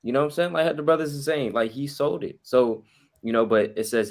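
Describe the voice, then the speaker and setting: A man's voice: medium pitch, brisk, creaky. A man casually commenting on scripture in a lesson, slangy and quoting verses. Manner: loose, slangy, quotes verses. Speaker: lesson participant.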